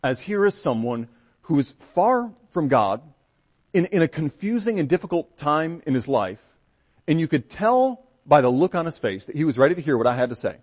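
A man's voice: a little high, sing-song, moderate pace, darkish tone. A Baptist pastor, a man, telling a story from the pulpit in a folksy, conversational way with frequent restarts. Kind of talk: storytelling sermon.

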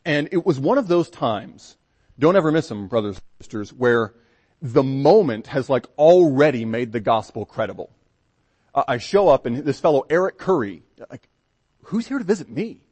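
A man's voice: medium pitch, animated, moderate pace, darkish tone, slightly rough. A Baptist pastor, a man, telling a story from the pulpit in a folksy, conversational way with frequent restarts. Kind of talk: storytelling sermon.

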